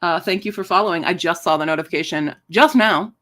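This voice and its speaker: A woman's voice: on the low side, quick pace, fairly bright tone. A woman live streaming from her apartment, chatting casually and playfully and slipping into joke accents. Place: home apartment, indoors.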